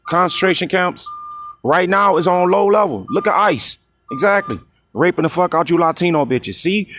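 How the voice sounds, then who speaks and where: A man preaching on scripture in a coarse, heated way, reading verses slowly and drawn out and checking in with the listener again and again. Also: on the high side. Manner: constantly repeats "you see?" and "you know what I mean?". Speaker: street-style preacher.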